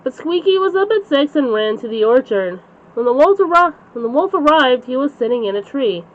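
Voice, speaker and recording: A woman's voice: high voice, sing-song, fairly quick. A woman reading a children's bedtime story aloud as the channel's storyteller. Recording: slightly dull lo-fi recording.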